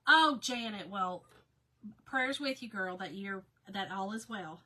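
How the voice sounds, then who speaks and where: A woman hosting a casual live painting chat, reading out viewer comments in a folksy way, her voice going hoarse. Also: fairly high pitch, a little fast, sharp tone. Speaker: crafting livestream host.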